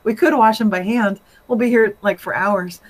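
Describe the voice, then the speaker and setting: A woman's voice: mid-range voice, normal speed, rough recording. A woman, a guest author, telling an anecdote in casual chat and laughing often. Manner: animated, laughs often while telling a story.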